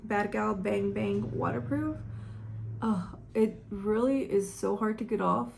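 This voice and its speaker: A woman's voice: medium pitch, slow pace, vocal fry, darkish tone, slight background noise. A young woman chatting casually at home while doing her makeup, rambling and emotional, tearing up as she talks. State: teary, close to crying. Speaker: beauty vlogger. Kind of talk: casual get-ready-with-me chat.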